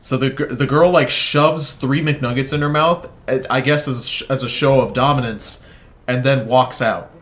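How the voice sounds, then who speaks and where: A man's voice: medium pitch, steady tone, moderate pace, fairly bright tone. A man telling a rambling, profane story in casual chat while he plays a video game, often breaking off to comment on it. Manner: rambling, profane, self-interrupting. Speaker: gaming video creator. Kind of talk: casual storytelling over gameplay.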